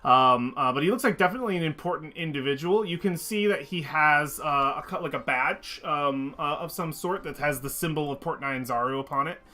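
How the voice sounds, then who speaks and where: A man's voice: a little high, pushed and bright. A man narrating a tabletop game as game master, hesitant and full of restarts. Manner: halting, many fillers and restarts.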